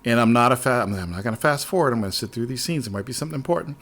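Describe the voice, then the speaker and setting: A man hosting a casual show, ranting in an animated, profane way and trailing off into repeated words. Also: mid-range voice, quick pace, hardly any pauses. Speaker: podcast host.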